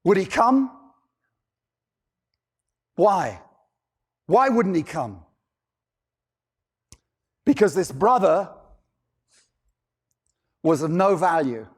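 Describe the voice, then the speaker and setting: A man preaching a sermon, animated, firing off rhetorical questions and acting out characters. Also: high voice, very slow, long pauses, slightly rough.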